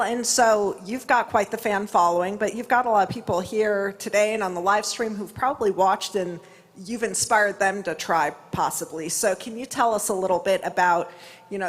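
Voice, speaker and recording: A woman's voice: medium pitch, low-quality recording. A woman interviewing an award winner on stage, asking questions in an upbeat, congratulatory way. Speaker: ceremony interviewer.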